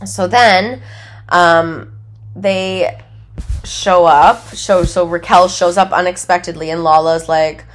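A woman's voice: on the low side, fairly even intonation, slow pace. Chatty young woman recapping TV. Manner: chatty, full of "like" fillers, laughs while telling. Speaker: podcast host. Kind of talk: casual reality-TV recap.

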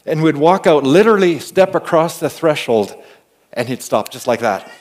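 A man preaches in a fairly high voice, talking to his congregation in a loose, conversational way. He drops to quiet asides and then rises into loud, emphatic lines. He often restarts words and punctuates his points with an amen. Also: lively intonation, moderate pace. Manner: swings from hushed asides to loud emphatic calls, with frequent amens; repeats and restarts words while storytelling. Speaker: pastor. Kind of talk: conversational sermon.

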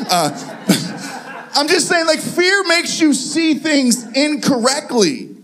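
A male pastor preaching a sermon, telling stories with lively acted-out voices and frequent laughs. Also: high-pitched, fairly quick. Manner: animated storytelling, acts out voices, laughs often.

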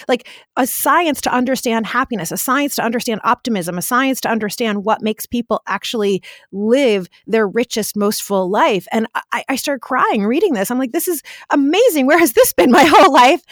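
A woman in her forties telling her life story in an interview, an animated storyteller who often says "like". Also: medium pitch, dry recording, studio quality. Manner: animated, vivid storyteller with frequent "like" fillers.

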